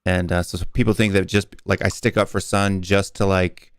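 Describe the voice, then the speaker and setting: American male guest, low smooth voice, dry close sound, chatty and explanatory. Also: flat delivery, moderate pace, no echo. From United States. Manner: explains at length with fillers and restarts. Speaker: guest football YouTuber. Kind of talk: casual interview chat.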